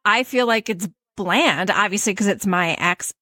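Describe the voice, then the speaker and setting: A woman's voice: mid-range voice, normal speed, sharp tone, no echo, studio quality. A woman with a Midwestern accent co-hosting a podcast in a casual chat. She explains her point earnestly, restarting her sentences often. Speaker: podcast co-host.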